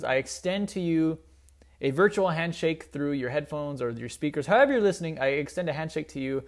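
A young man hosting a solo sports podcast, rambling casually with fillers and restarts, joking at his own expense. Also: fairly high pitch. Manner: rambling, self-deprecating, with many fillers and restarts. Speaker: podcast host.

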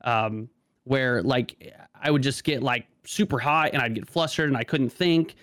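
A man's voice: medium pitch, unhurried, a bit bright, dry recording, clean studio sound. A man talking casually as a podcast guest, stammering and restarting often, with many "like" fillers. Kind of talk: casual conversation.

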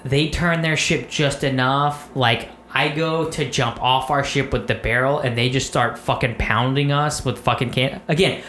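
Animated, cursing young-sounding man in echoey room. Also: medium pitch, moderate pace, few pauses, a little hiss or hum. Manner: animated storytelling, heavy swearing. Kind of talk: casual chat.

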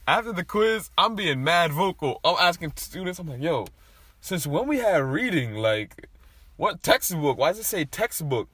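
Young guy ranting casually, bright voice, swears a lot, cracks himself up. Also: a little high, normal speed, husky, no echo. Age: young adult. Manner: profane, animated storytelling with big laughs. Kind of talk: casual chat, storytelling.

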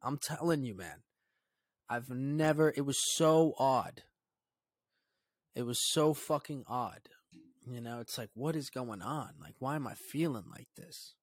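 A young man hosting his own podcast, telling a story in a loose, profane, rambling way and dropping to a low mutter when he quotes his own thoughts. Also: no echo. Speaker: podcast host. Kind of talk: casual solo podcast storytelling.

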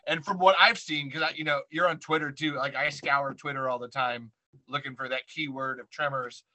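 A man's voice: mid-range voice, moderate pace, poor audio. A man hosting a podcast, chatting casually and joking with his guest. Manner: laughing, joking, animated. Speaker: podcast host. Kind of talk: casual interview chat.

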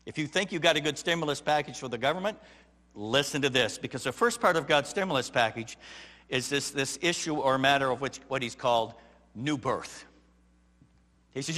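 A man preaching a sermon as pastor, dramatically swinging between loud emphatic lines and hushed ones, acting out the quoted voices. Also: mid-range voice, brisk. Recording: long reverb of a large hall.

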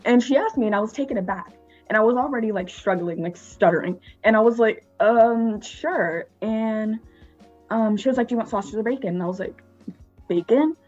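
A woman's voice: on the high side, fast talker, darkish tone, faint music behind. A teenage girl co-hosting a podcast, chatty and giggly as she tells a story about ordering food. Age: teens. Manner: giggly, chatty, acts out quotes. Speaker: podcast co-host. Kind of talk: casual chat, storytelling. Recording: slightly dull lo-fi sound.

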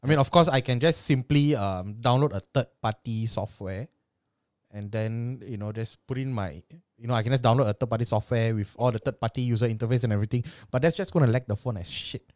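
A man's voice: mid-range voice, fairly quick, darkish tone, no room sound, clean studio sound. A man with a Singaporean English accent, co-hosting a podcast in joking, teasing banter with local slang. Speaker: podcast co-host.

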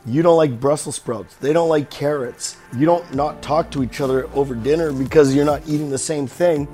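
A man's voice: medium pitch, darkish tone. A man hosting a podcast, talking in a rambling, reflective monologue and swearing freely. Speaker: podcast host.

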